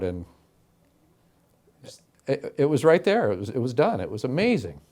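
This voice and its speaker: A middle-aged man from Florida, an interview guest telling his story with animated, emphatic delivery and acted-out quotes. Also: mid-range voice, moderate pace, pauses often. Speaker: interview guest, game show announcer.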